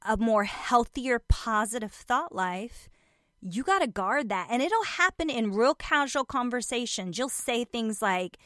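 A woman's voice: a little high, fairly bright tone, no echo, studio quality. A woman giving a motivational self-help talk, speaking emphatically, repeating her points and addressing the listener directly as a friend.

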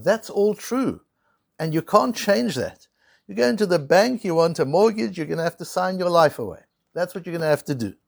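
A man giving a Torah lecture in a dry, close-sounding recording, his gravelly voice sitting a little high and swinging widely in pitch. He keeps posing rhetorical questions and slipping into quick acted-out scenes to press his point. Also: dry recording. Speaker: Torah teacher.

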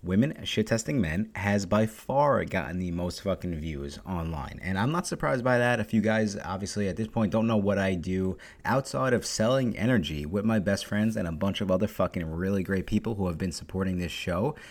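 A man's voice: deep voice, animated. A young man hosting his own podcast alone, talking bluntly and swearing constantly in a casual monologue. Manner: profane, blunt, fast-talking. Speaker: podcast host.

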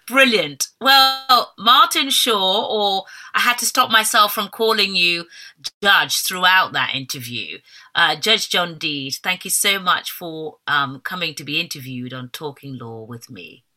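A middle-aged woman hosting a law interview podcast, effusive and warm in her praise. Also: on the low side, lively intonation, slow. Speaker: podcast host.

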